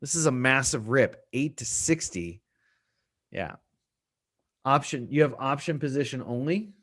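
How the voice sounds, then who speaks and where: A middle-aged man hosts a live market-analysis stream in a loose conversational way. He answers chat questions as they come in and repeats his points for emphasis, speaking at an ordinary mid pitch. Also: expressive, measured pace, a bit bright. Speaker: trading stream host.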